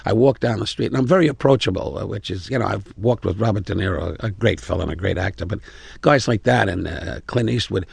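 An older man in his eighties with a New York accent, a comedian telling brash stories in an interview and getting loud at the punchlines. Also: on the low side, fast talker, dry recording. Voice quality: gravelly. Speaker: comedian guest. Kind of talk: interview anecdotes.

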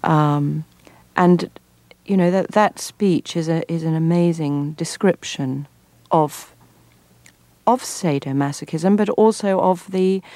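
Woman from England, middle-aged actress, lowish voice, dry close sound, measured and reflective. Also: mellow, no room sound. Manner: thoughtful, frequent restarts and pauses. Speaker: actor, guest. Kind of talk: reflective interview answers.

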